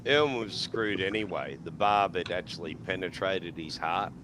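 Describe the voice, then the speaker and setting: A man's voice: low voice, moderate pace, sharp tone. An Australian man telling profane stories in casual podcast chat, acting out quotes and laughing. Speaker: podcast panelist. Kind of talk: casual chat, crude storytelling. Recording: noisy background.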